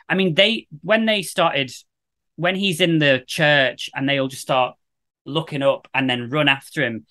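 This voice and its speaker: A man's voice: mid-range voice, bright, forceful tone. A man hosting a podcast, chatting in a casual, jokey, rambling way with lots of enthusiasm. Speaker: podcast host.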